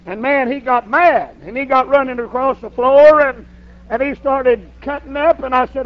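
An older man, a pastor telling a folksy story in a sermon and rising to shouts. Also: very high voice, fairly even intonation, normal speed. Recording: dull lo-fi sermon recording.

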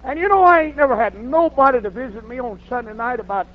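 An older man, a pastor telling a folksy story in a sermon and rising to shouts. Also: extremely high pitch, fast. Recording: dull lo-fi sermon recording.

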